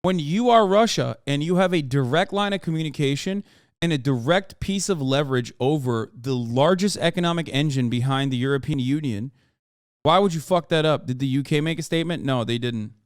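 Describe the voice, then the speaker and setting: Male streamer, slightly high, smooth voice, blunt and profane, dry close sound. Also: lively intonation, a little fast, no room sound. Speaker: livestreamer. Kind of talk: casual political commentary to chat.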